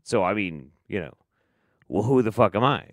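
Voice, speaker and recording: A man hosting a sarcastic commentary show, reacting to clips with profane mockery and sudden loud outbursts. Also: on the low side, expressive, normal speed, slight background noise. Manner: profane, mocking, swings between muttering and loud outbursts.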